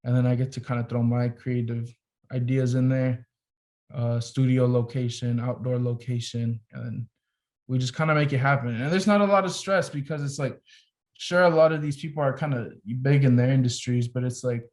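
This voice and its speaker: A young man talks on a podcast as a photographer guest, recounting a story with animated, casual energy. He peppers his sentences with "like" and keeps the tone relaxed and conversational. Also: medium pitch, moderate pace. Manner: animated storyteller, heavy use of "like".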